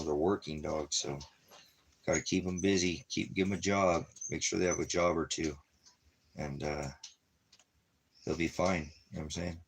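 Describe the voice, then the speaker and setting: Deep-voiced middle-aged man rambling casually. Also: fairly bright tone, slight background noise. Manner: rambling, repeats himself, lots of "you know". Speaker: ministry vlogger. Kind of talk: casual chat.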